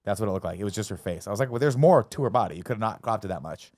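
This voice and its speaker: Dude on a podcast ranting quick and swearing, dry close mic. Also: male voice, lowish voice, expressive, a little mellow, no room sound. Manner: fast, profane storytelling. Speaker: podcast co-host. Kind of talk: casual podcast banter.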